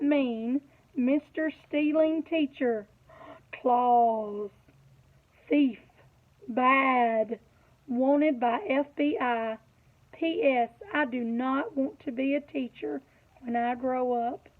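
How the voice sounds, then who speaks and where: An eager little schoolgirl from a storybook, high and bubbly, as a woman reads her aloud. She bursts with excitement and drops to fierce whispers. The sound is tinny and narrow, like a phone line. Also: extremely slow. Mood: indignant.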